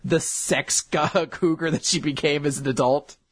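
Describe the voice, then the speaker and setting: Man, host, rambling comic recap, slightly high voice, dry close mic, laughs and swears. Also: fairly even intonation, normal speed, slightly rough, no room sound.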